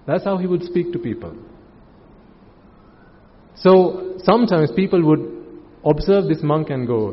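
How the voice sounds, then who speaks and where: A man gives a calm sermon as a Buddhist monk, pressing his listeners with one rhetorical question after another. His voice sits a little high for a man. It rings with the long reverb of a hall, and the recording is muffled. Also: normal speed, long pauses.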